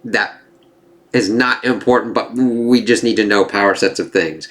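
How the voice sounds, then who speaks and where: A man's voice: fairly low pitch, normal speed, a bit bright. A man giving a casual spoken review of an anime season, rambling with fillers and swearing freely as he gets worked up.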